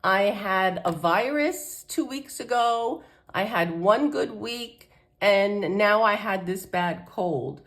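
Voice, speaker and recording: A woman's voice: mid-range voice, lively intonation, slow, a bit bright. A woman with a stuffy, nasal voice from a cold talks to her viewers about her coloring. She rambles in a loose, chatty way, full of ums and self-corrections. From United States. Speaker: coloring channel host. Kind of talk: casual chat to camera.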